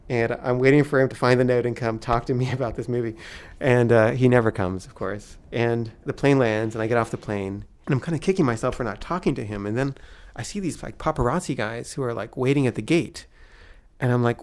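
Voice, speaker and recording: A man tells a story about himself in a loose, casual way, with a middle pitch. He stumbles and repeats words when he gets nervous, and he pokes fun at himself. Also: darkish tone. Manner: halting, self-deprecating, stammers when nervous.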